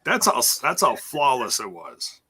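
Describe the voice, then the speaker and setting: A man's voice: medium pitch, wildly swooping pitch, measured pace, bright, forceful tone, husky. A man co-hosting a casual wrestling review podcast, joking around and laughing often. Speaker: podcast co-host.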